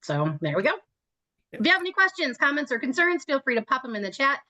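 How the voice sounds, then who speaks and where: A woman's voice: high voice, big pitch swings, fast talker, sharp tone. A woman leading an online trip-planning meeting over a video call, chatty and joking, laughing often as she talks. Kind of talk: casual meeting talk.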